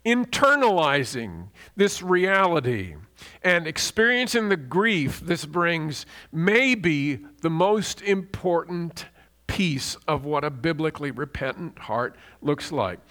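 A man preaching a sermon in an earnest, emphatic teaching manner, slowing down to stress repeated words. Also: on the high side, big pitch swings, bright, forceful tone.

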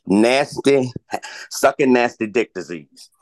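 Woman doing a low, slow, snide mocking voice, crude and drawled. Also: a little mellow, no echo. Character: deep mocking gossip voice, snide.

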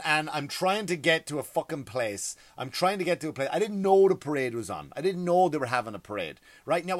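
A man's voice: a little high, a bit bright, dry recording. A man, a stand-up comedian, delivering a profane, exasperated comedy rant. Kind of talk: ranting comedy monologue.

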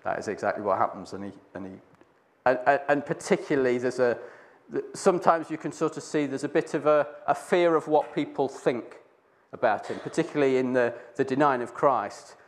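Speaking a little fast with lively intonation, a medium-pitched man shares a Bible reflection by telling a story in casual talk. He rambles, restarts often, and acts out the quoted voices.

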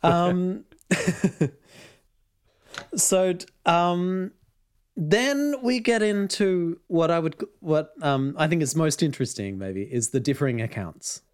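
A man's voice: fairly high pitch, expressive, slow, clear, resonant tone. A man casually retelling a story as podcast host, with frequent ums and laughs. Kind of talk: casual chat.

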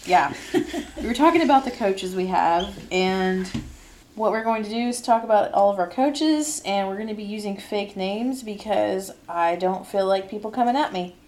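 A young adult woman hosting a casual podcast. She tells stories in a lively way and often laughs. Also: mid-range voice, moderate pace, a little hiss or hum. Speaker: podcast host.

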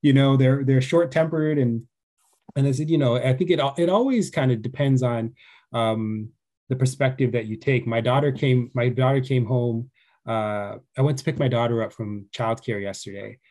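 A man in his forties, an author and father, telling a personal story in an earnest, conversational way that often drops to a soft hush. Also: medium pitch, moderate pace. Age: 40s.

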